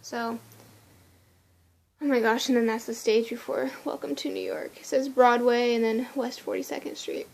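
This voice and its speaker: A woman excitedly telling a story in a casual vlog, gushing and laughing often. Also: a little high, moderate pace, gravelly. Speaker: vlogger.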